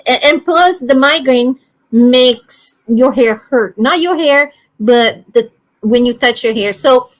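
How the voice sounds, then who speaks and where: A woman with a high voice, chatting casually on a livestream. She tells lively stories, acts out bits of dialogue and laughs often. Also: takes it slowly. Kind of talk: casual chat.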